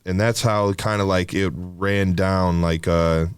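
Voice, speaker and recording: A man's voice: low voice, steady tone, slow, clear, resonant tone, dry recording, studio quality. A man co-hosting a podcast, talking in a rambling, casual way full of fillers and swearing. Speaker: podcast co-host.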